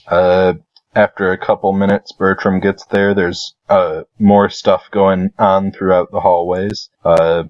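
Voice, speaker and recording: A man narrating as dungeon master, relaxed and unhurried, with frequent fillers. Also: low-pitched, no room sound. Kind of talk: narrating a tabletop game. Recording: dull lo-fi sound.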